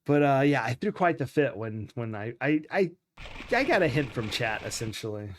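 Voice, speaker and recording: A man's voice: mid-range voice, sing-song, moderate pace, slight background noise. A man streaming a game live, chatting casually and poking fun at himself while thanking viewers.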